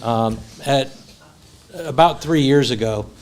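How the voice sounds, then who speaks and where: A man's voice: mid-range voice, slow, a little mellow, a little hiss or hum. A man giving a eulogy for a friend at a memorial service, telling funny stories and then speaking sincerely. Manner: storytelling, moving between humor and sincere tribute. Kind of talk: memorial speech with anecdotes. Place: funeral home service.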